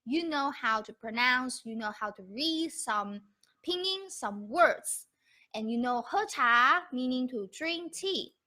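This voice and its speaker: A woman's voice: high-pitched, lively intonation, slow pace, pushed and bright. A woman teaching beginners on a live stream. She talks patiently and repeats each key point. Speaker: Mandarin teacher. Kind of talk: live-streamed language lesson.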